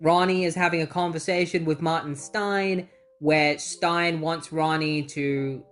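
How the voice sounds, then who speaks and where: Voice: medium pitch, steady tone, unhurried, soft background music. A comic book reviewer recapping issues in casual chat, with exasperated asides.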